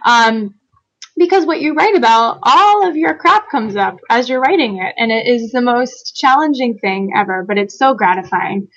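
A woman author chatting casually on a podcast, telling a personal story with lively acted-out quotes and frequent laughter. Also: a little high, moderate pace, dull audio. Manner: animated storyteller, acts out quotes, laughs often. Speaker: guest author.

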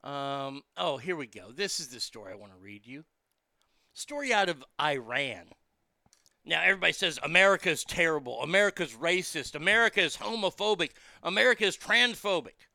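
A man's voice: fairly high pitch, lively intonation, a little fast, creaky, pushed and bright, no room sound, clean studio sound. A man hosting a commentary show, ranting heatedly with sarcasm and profanity and repeating words when worked up.

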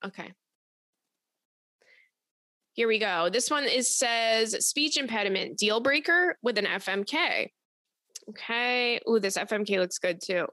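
A young woman hosting an advice show, talking in a blunt, profane, animated way as she tells stories and reads listener letters. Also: on the high side, a little slow, long pauses, no room sound, clean studio sound. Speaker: advice podcast host. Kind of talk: casual advice chat.

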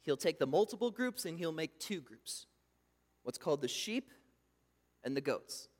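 A man preaching a sermon, emphatic, swinging between loud bursts and hushed asides. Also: a little high, big pitch swings, normal speed. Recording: long reverb from a hall.

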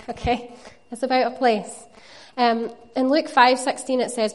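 Earnest woman preaching a sermon. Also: a little high. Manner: earnest, conversational, with playful asides.

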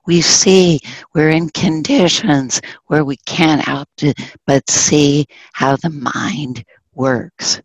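A woman giving a dharma talk, gently telling a story and dropping into soft whispers. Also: sits low, steady tone, slow, hardly any pauses, no echo, rough recording. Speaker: Buddhist dharma teacher.

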